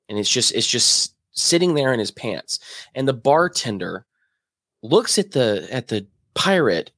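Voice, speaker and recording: A man's voice: mid-range voice, a bit bright, dry recording. A man co-hosting a podcast, bantering in a playful, joking way. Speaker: podcast co-host. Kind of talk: casual banter.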